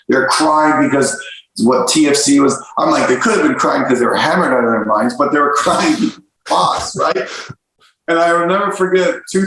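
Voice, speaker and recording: A man, a soccer coach, telling stories in a casual interview, full of restarts and repeated words. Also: on the high side. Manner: animated storyteller, many restarts and repeated words. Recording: very echoey room.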